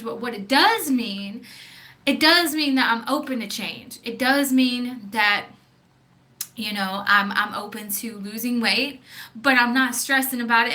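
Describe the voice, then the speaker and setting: Blunt, bright-voiced Southern woman vlogger. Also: a little high. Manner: blunt, profane, keeps asking okay?. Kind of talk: casual opinionated vlog.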